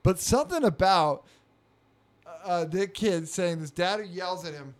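A man's voice: high-pitched, unhurried. A man telling a story in casual chat, rambling with lots of fillers. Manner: rambling, filler-heavy, acts out quotes in a raised voice.

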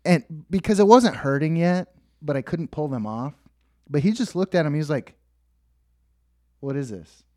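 A man talks casually on a podcast, rambling through stories and laughing at his own punchlines. His voice swings widely in pitch. The sound is close and dry, with no room echo. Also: expressive, moderate pace, a little mellow. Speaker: podcast co-host. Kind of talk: casual chat.

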